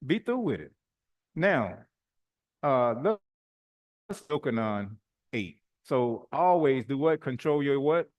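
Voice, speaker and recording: A middle-aged man preaching in a relaxed, colloquial way. His voice sits at an ordinary middle pitch. He moves through personal stories with lively swings and chuckles between phrases. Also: takes it slowly, pauses often, lo-fi sound. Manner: animated, colloquial, laughs mid-sentence. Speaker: bishop. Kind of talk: informal sermon with personal stories.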